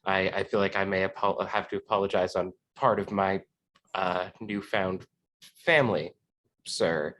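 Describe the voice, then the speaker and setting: A man voicing a polite, apologetic male stowaway, speaking in a halting, formal way and sounding a bit far from the mic. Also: sits low, fairly even intonation, fairly bright tone, slight background noise.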